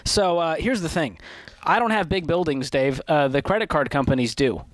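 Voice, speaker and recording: A male co-host on a money advice show, telling lively stories to make a point. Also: fairly high pitch, moderate pace, no room sound. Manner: storytelling, animated analogies. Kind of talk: casual advice talk.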